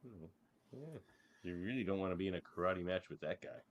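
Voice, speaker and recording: A man's voice: sits low, fairly quick. A man co-hosting a casual podcast, reading out categories and teasing his co-host with confidence. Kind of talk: casual chat.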